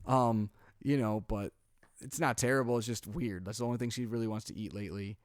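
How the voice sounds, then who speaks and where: A man in his thirties, a dad co-hosting a podcast, casually tells a long family story, acting out quotes and filling pauses with "like" and "um." His voice sits on the low side and moves briskly. The studio recording is clean, with no room sound.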